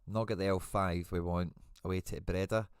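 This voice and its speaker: A man with a fairly low voice hosts a live stream in a relaxed, chatty way. He thinks aloud as he goes and answers viewers by name. The sound is dry and close, with no room around it. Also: moderate pace, clear, resonant tone, dry recording. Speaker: host.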